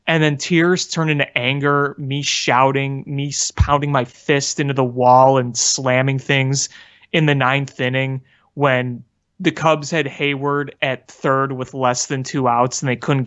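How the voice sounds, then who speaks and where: A man's voice: medium pitch, a bit bright. A man, co-hosting a sports podcast and telling a story earnestly, poking fun at himself. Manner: earnest storytelling, self-deprecating. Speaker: podcast co-host. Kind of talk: casual sports chat. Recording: dull lo-fi audio.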